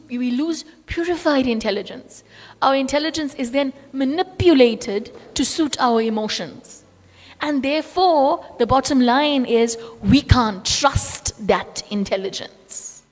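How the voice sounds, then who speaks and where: A woman's voice: fairly high pitch, in a large hall. A woman teaching a devotional class, talking through stories conversationally and acting out the quotes. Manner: storytelling with acted quotes, conversational asides. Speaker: spiritual teacher.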